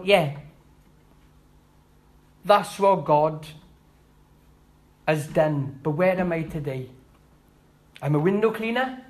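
A middle-aged man giving a personal church testimony, halting and heartfelt, with restarts and rising emphasis. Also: sits high, darkish tone, poor audio. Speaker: testimony speaker.

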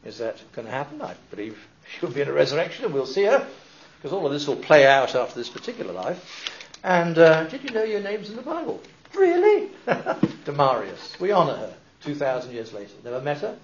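Animated man preaching a sermon. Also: fairly high pitch, brisk, a little hiss or hum. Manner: animated and conversational, with asides and restarts. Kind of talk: sermon, Bible teaching. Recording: dull lo-fi recording.

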